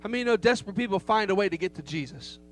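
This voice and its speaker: A middle-aged man preaches in a high, light voice, telling a story with emphasis. He keeps turning to the congregation with rhetorical questions. A faint hum runs under the recording. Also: expressive, racing, fairly bright tone. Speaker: pastor. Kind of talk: sermon with storytelling.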